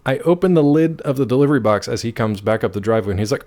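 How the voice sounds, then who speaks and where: A male game streamer casually telling a story to his chat, animated and laughing often. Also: medium pitch, racing. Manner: animated, laughs often, swings loud and quiet.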